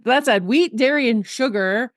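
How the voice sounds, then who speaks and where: A woman's voice: on the high side, moderate pace, no room sound, clean studio sound. A woman guest on a podcast interview, a nutrition coach talking in a blunt, emphatic way with casual swearing.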